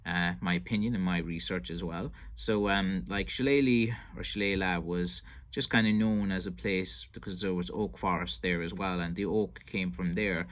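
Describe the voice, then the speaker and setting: A man's voice: low voice, steady tone, normal speed, hardly any pauses. A man from Ireland casually commenting on an old interview clip, hesitant with many fillers and restarts. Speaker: stick maker reviewing an old interview.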